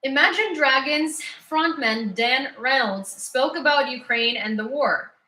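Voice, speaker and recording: A woman gives a casual news rundown in a slightly high voice, blunt and sarcastic, breaking into laughter. The room around her is noticeably echoey. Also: a little slow, sharp tone. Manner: opinionated, sarcastic, laughs often. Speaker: news summary host. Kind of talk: casual live news commentary.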